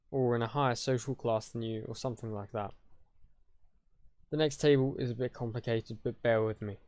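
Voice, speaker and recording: A man's voice: medium pitch, darkish tone, no room sound. A man hosts a casual tutorial, explaining grammar in a loose, chatty way with fillers and self-corrections. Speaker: conlang tutorial host.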